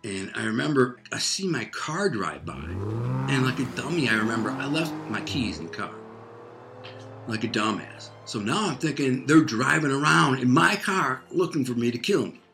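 A man's voice: medium pitch, lively intonation, moderate pace, creaky, noisy background. A man casually telling a personal story in loose, profane street talk, full of fillers like "man" and "like.".

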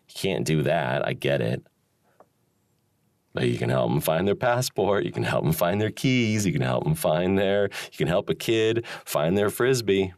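A man's voice: very deep voice, darkish tone, dry recording, studio quality. A man hosting a solo talk, rambling and musing with frequent chuckles and restarts. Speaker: podcast host. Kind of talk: solo reflective monologue.

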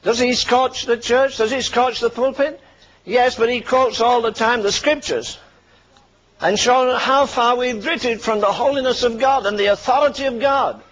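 A man's voice: extremely high pitch, fairly even intonation, moderate pace, a bit bright, poor audio. An older man preaching a fervent sermon, firing punchy rhetorical questions and dropping dry asides between warnings.

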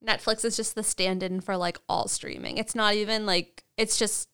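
A woman's voice: mid-range voice, fairly even intonation, normal speed, fairly bright tone, smooth. A woman co-hosting a podcast, chatting casually through a TV episode recap, laughing often and acting out characters' lines. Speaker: podcast co-host.

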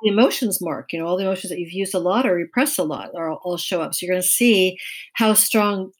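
A middle-aged woman with a soft, gentle voice, a guest chatting casually in an interview and telling stories with frequent laughs. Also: on the low side, quick pace, slightly rough. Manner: chatty storyteller, laughs often. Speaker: guest, Chinese medicine practitioner.

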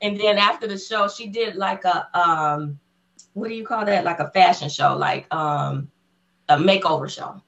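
A woman guest on an interview podcast, excitedly telling a personal story in casual conversation. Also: lowish voice, moderate pace, creaky, muffled recording. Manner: excited storyteller who acts out the voices of people in her story.

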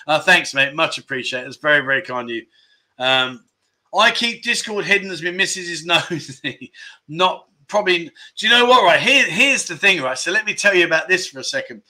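A man hosts a casual livestream, reading out comments and thanking viewers by name. His voice is very bright and sits a little high, and he keeps the tone jokey and chatty. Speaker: livestream host.

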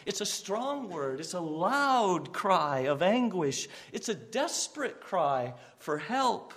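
A man's voice: sits high, fairly bright tone. A man pastor preaching a sermon with earnest emphasis, sometimes repeating words and raising his voice on quoted cries.

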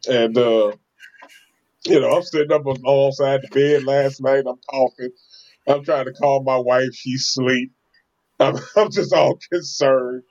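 A man, a podcast co-host, tells a story in casual chat, animated and laughing often, acting out quotes. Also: mid-range voice, measured pace. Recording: slightly dull lo-fi sound.

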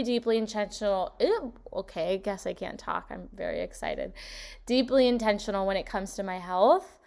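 A woman's voice: a little high, clean tone. Bubbly young woman hosting a podcast. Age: 20s. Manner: bubbly and effusive, gushing with wonder. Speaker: podcast host. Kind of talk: casual solo podcast monologue.

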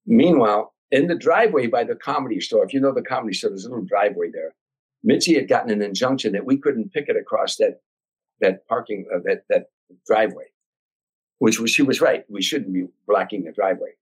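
An older man from Chicago, a comedian telling a long anecdote as a podcast guest, animated and acting out voices and sounds. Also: fairly low pitch, fairly quick, husky, poor audio. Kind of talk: storytelling anecdote.

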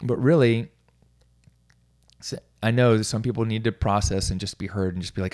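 A man's voice: lowish voice, steady tone, normal speed, a little mellow. A middle-aged man, a coach, talking casually on his own, rambling with restarts and small self-amused laughs. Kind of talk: casual solo talk.

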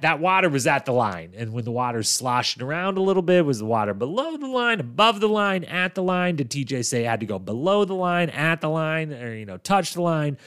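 Young guy podcasting, chatty recap, gets loud and excited at times. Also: fairly high pitch. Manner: animated, swings into loud exclamations. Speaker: podcast host. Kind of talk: casual recap commentary.

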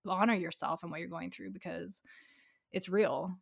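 A woman's voice: on the low side, steady tone, normal speed, gravelly, slightly rough. A woman in casual chat, talkative and candid, filling her talk with "like". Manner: talkative, heavy use of "like", candid and emphatic.

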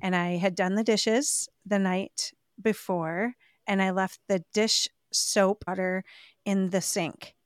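A podcast co-host with a mid-range voice tells a story in an animated way, though at a slow pace, during a casual chat. The sound is clean studio audio with no room sound.

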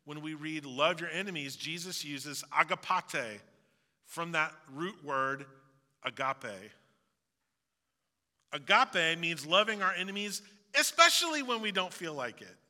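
A man's voice: on the high side, sharp tone, in a large hall. A male pastor giving a sermon, earnest and preaching, with jokey asides.

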